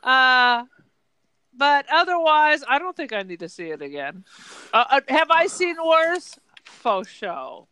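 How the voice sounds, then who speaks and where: A woman co-hosting a podcast in casual chat, halting with many restarts and blunt opinions. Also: sits high, animated, sharp tone, no room sound. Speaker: podcast co-host.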